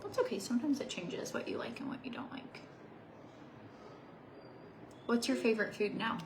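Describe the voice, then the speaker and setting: A woman's voice: a little high, lively intonation, normal speed, noisy background. A young adult woman, a beauty vlogger chatting casually while doing her makeup, now and then dropping into a whisper. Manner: chatty, sometimes drops to a whisper. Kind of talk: casual get-ready-with-me chat.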